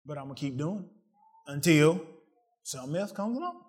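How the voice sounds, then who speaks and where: A man preaching a sermon, asking the congregation questions and swinging from excited peaks to quiet asides. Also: normal speed. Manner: call-and-response preaching, rising to excited peaks then dropping low.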